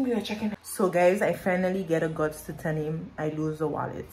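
Lady vlogging a story time, pretty emotional, lowish voice. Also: brisk, darkish tone, slight background noise. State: pregnant.

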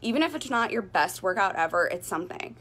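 A woman's voice: mid-range voice, quick pace. A young woman vlogging casually at home after a workout, still short of breath, chatty and candid. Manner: chatty, candid, lively storytelling. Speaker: fitness vlogger. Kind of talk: casual talk to camera.

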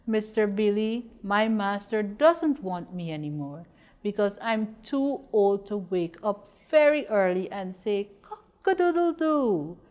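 Old storybook rooster, sorrowful, read by a Guyanese woman, slow. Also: medium pitch, expressive, darkish tone, highs cut off, natural voice. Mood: sad. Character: sad old male rooster.

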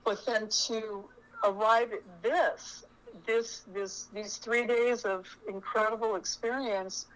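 A middle-aged woman telling a personal story in an earnest, halting way, often restarting her sentences. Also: mid-range voice, a bit bright, poor audio. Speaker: spiritual storyteller.

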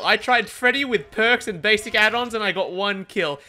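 A young man giving excitable, profanity-laced live commentary on his gameplay. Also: sits high, moderate pace, soft background music. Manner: excitable, swearing, laughing often. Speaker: gaming streamer.

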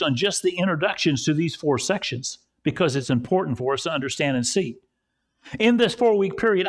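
A man preaches at a church service in a relaxed, storytelling way. His voice sits on the higher side for a man. He builds points by repeating phrases. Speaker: pastor. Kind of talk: sermon.

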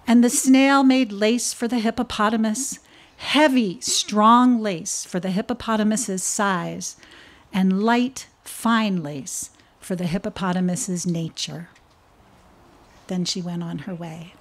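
Slow-spoken nervous woman reading aloud. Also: medium pitch. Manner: nervous, halting. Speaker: speaker at a memorial service. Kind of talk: reading a children's story aloud. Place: church.

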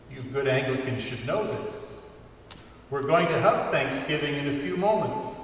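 A male priest preaching in a church, his fairly high voice caught from far off by a room mic. The sound is heavily echoey with a long hall reverb and faint ambient hiss. He speaks earnestly and unhurriedly, lifting his voice for emphasis. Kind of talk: sermon. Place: church sanctuary. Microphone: distant room mic.

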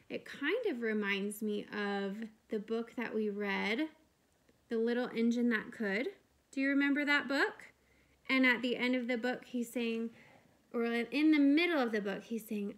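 A woman kindergarten teacher giving a video lesson to young children, talking clearly and encouragingly. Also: fairly high pitch, normal speed, a bit bright.

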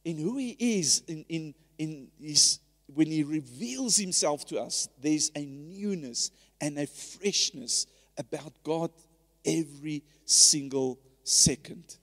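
A man's voice: fairly high pitch, lively intonation, slow, fairly bright tone. An earnest man preaching a sermon to his church, his slightly raised voice carrying a long hall reverb. He talks conversationally, repeating and restarting phrases as he builds his point. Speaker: pastor.

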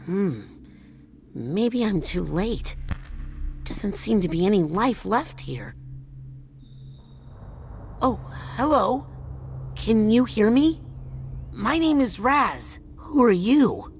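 A woman's voice: medium pitch, expressive, slow, pauses often, a little hiss or hum. A woman voicing an earnest, polite young psychic boy in a video game, talking in a matter-of-fact, kindly way. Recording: game audio with music behind.

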